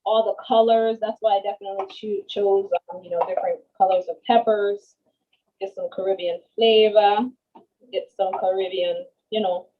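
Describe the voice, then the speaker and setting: A chatty woman walks viewers through her cooking over a video call, slangy and full of restarts. Her voice sits at a middle pitch and comes through muffled, lo-fi call audio. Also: fairly even intonation, normal speed. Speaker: guest cook. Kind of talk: casual cooking demo chat.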